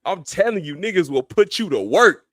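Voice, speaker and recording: A man's voice: high-pitched, big pitch swings, moderate pace, no room sound. A man hosting a live stream, giving casual commentary in a blunt, heated and profane way. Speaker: streamer host.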